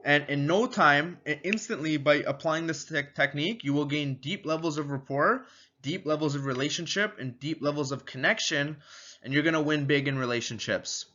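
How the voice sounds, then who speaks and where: Male sales trainer, bright and punchy, casual and repetitive delivery, slightly muffled lo-fi recording. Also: on the high side, moderate pace. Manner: energetic, repetitive, acts out little door-step exchanges. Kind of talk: casual teaching video.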